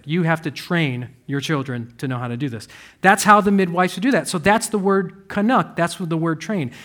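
A man preaching a sermon as a pastor, shifting between quiet earnest passages and loud animated ones. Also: high voice. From United States.

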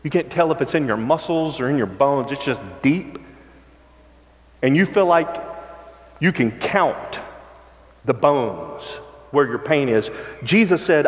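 A man preaching a sermon as pastor, reading scripture slowly and swinging between forceful emphasis and hushed, low passages. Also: expressive. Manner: dramatic shifts from loud emphasis to hushed low tones; slow, drawn-out scripture reading. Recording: long reverb of a large hall.

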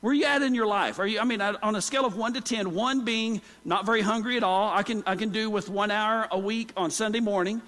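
A pastor preaching a sermon in a loose, conversational way, often calling out to the congregation. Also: male voice, sits high, brisk, few pauses, a bit bright, long reverb tail. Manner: conversational, with many restarts and calls to the congregation. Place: church.

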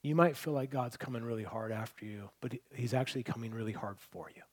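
Before a congregation in a church hall, a pastor preaches a sermon with a medium-pitched voice at a quick pace. He tells stories and alternates between loud, emphatic points and quiet, hushed lines.

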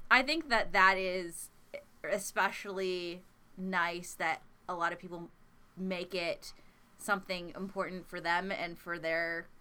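Bright, slow-talking American woman. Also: on the low side, steady tone, clean tone. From United States. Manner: thoughtful, rambling with fillers, giggly. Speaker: podcast co-host. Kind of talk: casual chat.

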